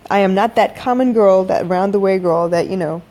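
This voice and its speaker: A woman in her thirties talks casually into a phone for a late-night podcast. Her voice is mellow and dark-toned, and she speaks frankly and chattily, calling her listeners y'all. The sound is plain live audio with no production. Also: mid-range voice, fairly quick. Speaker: podcast host. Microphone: phone-recorded live audio.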